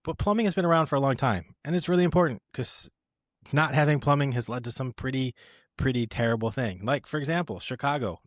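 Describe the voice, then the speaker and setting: A man's voice: medium pitch, fast talker, dry recording, studio quality. A man co-hosting a podcast in casual chat, teasing and telling stories. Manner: playful, teasing, storytelling. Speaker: podcast co-host.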